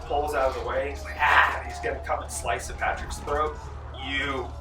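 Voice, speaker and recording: A man running a tabletop game as game master, telling the action with animated energy and shouting out the characters' lines. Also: mid-range voice, a little fast, roomy sound, recorded from a distance, over music, poor audio. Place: large room, library program.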